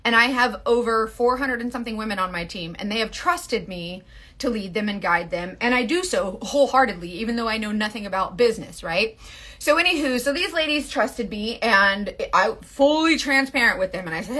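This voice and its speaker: A woman's voice: a little high, lively intonation, normal speed, pushed and bright. A woman in her forties chatting casually and rambling about leading a makeup sales team, full of "like" and asides. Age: 40s. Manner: rambling, full of "like" and self-interruptions.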